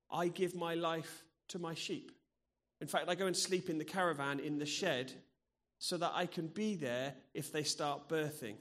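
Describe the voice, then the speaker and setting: A man's voice: on the high side, a bit bright. A middle-aged man preaching in a church, earnest and personal, sharing stories from his own life. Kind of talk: sermon.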